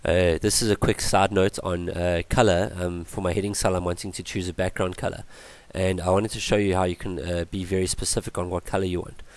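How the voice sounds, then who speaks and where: Guy with a deep flat voice doing a coding tutorial, sick and losing his voice, lots of ums. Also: dry recording. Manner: halting, many ums and restarts. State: voice going from illness. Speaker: tutorial presenter. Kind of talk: screen-recorded coding tutorial.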